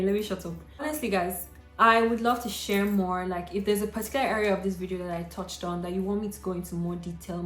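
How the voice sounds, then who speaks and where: A young adult woman vlogging to camera, chatty and encouraging, talking straight to her viewers like a friend. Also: mid-range voice. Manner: chatty and encouraging, addressing viewers directly as girl and sis. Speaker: lifestyle vlogger. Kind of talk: casual talk to camera. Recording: roomy echo with faint music.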